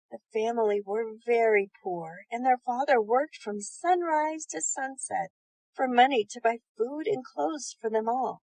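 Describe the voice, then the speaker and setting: A woman reading bedtime stories aloud in a gentle, soothing manner. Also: fairly high pitch, no room sound, rough recording. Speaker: storyteller.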